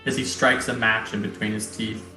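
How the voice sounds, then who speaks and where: A man narrating as game master of a tabletop game, descriptive and halting with many pauses. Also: fairly low pitch, flat delivery, bright, forceful tone. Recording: roomy recording, faint music.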